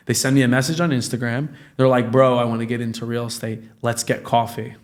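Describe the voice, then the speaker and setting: This fast-talking man in his late twenties has a mid-range voice and appears as a podcast guest who runs a real estate business. The conversation is casual; he swears a lot and plays out the characters' dialogue as he tells his stories.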